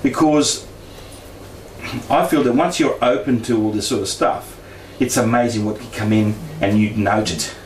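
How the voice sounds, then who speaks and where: A chatty Australian man with a lowish voice talks at normal speed, sharing paranormal experiences as casual storytelling. He laughs often and acts out quoted voices. He's in an echoey room, recorded on a distant mic with faint noise.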